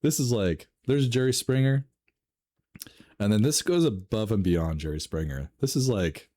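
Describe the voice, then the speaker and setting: A man reading online stories aloud and reacting with laughs, swearing and sudden jumps in pitch. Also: animated, moderate pace, mellow. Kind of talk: casual reading and commentary.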